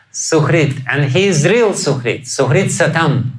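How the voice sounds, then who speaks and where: In poor audio, a man with a Russian accent and a somewhat high, expressive voice speaks slowly on scripture in a lecture hall. He teaches like a spiritual guide, laughing often and asking rhetorical questions. When quoting others, he acts them out with sudden loud outbursts.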